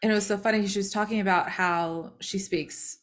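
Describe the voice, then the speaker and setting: A woman's voice: mid-range voice, steady tone, a little fast. A woman co-hosting a podcast, telling a story in casual chat and acting out the voices of people she quotes. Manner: chatty, acts out quoted voices. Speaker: podcast co-host.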